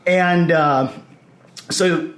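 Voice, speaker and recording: This is a man with a slightly high voice, telling a long story in an animated way and slipping into the voices of the people he quotes. The sound is echoey, as if recorded in a big convention hall. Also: drawn-out words. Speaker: podcast guest. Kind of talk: casual storytelling.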